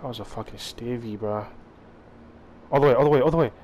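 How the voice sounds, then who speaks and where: A young man calling out plays to his teammates while gaming, excitable and profane, barking quick instructions. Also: medium pitch, a little hiss or hum, poor audio. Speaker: gamer playing online. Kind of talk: live gameplay commentary.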